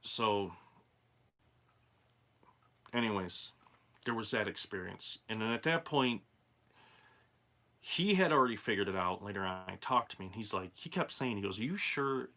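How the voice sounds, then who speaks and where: A man's voice: lowish voice, animated, normal speed, pauses often, sharp tone. A man telling a true haunted-house story in a rambling, conversational way, full of asides. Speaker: channel host and storyteller. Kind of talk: casual spoken true ghost story.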